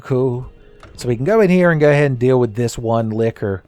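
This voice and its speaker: A man giving casual, joking commentary while playing a game, his voice a little raspy today and often breaking into laughs at his own asides. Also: medium pitch, lively intonation, fairly quick, darkish tone, soft background music. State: slightly raspy voice. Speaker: gaming commentator. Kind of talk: casual let's-play commentary.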